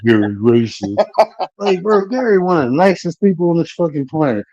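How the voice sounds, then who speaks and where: A man's voice: high voice, animated, quick pace, a little mellow, no echo, muffled recording. Blunt, profane man on a livestream. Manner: blunt, profane trash talk, repeatedly says bro. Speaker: livestream host. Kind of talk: casual livestream chat.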